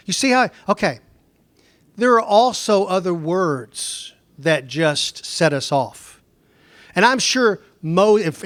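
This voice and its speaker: Middle-aged man, Bible lesson lecturer; high-pitched, conversational, quizzes the room, dry close recording. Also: fairly bright tone, no room sound. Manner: conversational, digressive, asks the class questions. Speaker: Bible teacher.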